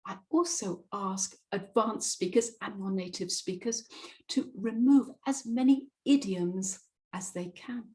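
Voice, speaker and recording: A British woman giving a webinar as a presentation skills coach, speaking deliberately with emphatic pauses and stressed words. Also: medium pitch, mellow, poor audio. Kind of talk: webinar talk.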